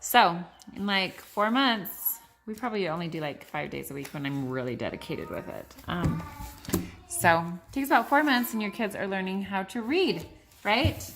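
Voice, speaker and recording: A woman's voice: mid-range voice, very animated, moderate pace, gravelly, fairly bright tone. A woman in her thirties, a mother, patiently teaching her young child to read at home and chatting to the camera between words. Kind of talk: casual home video vlog. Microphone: phone. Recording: faint background noise, home phone recording.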